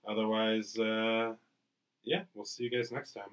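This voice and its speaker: A man's voice: fairly low pitch, steady tone, a little slow, fairly bright tone, a little hiss or hum, poor audio. A man hosting a podcast in casual chat, rambling with lots of fillers. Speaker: podcast co-host.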